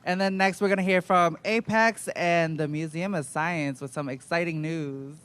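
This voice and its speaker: An emcee briskly calls speakers up at an outdoor event, keeping things moving. His voice is high and smoothly clear. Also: steady tone, a bit bright. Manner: brisk, calling speakers up to the stage.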